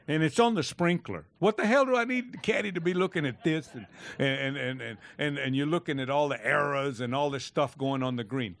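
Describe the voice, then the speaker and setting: An older man telling a lively, laughing golf story in a fireside chat, shouting out the lines he quotes. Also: a little high, normal speed. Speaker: golf pro telling stories.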